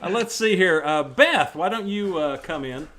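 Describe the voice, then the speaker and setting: A man with a bright, forceful voice runs a live improv game. He calls time briskly and laughs along with the players. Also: high-pitched, lively intonation. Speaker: improv show host.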